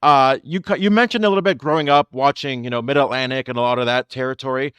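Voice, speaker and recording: A man's voice: mid-range voice, steady tone, quick pace, a bit bright, smooth, no echo. A man hosting an interview, asking friendly questions that stumble a little. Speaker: interview host. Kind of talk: casual interview.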